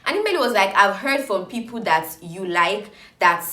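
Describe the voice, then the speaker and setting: A woman chattily recapping reality TV gossip, animated and exclaiming. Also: medium pitch, moderate pace, echoey room.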